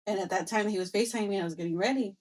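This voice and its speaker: A young woman co-hosting a podcast tells a story in a loose, casual way. She acts out both sides of old conversations with lots of back-and-forth energy. Her voice sits in a middle pitch. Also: racing. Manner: animated storyteller, acts out quoted exchanges, mixes in Spanish phrases. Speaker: podcast co-host.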